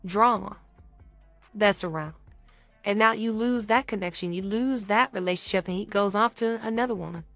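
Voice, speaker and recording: A young woman talks through dating advice in a relaxed podcast chat, animated and quick to act out little scenes. Her voice sits close and dry on the mic, with faint music underneath. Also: medium pitch, dry recording. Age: young adult. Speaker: podcast co-host.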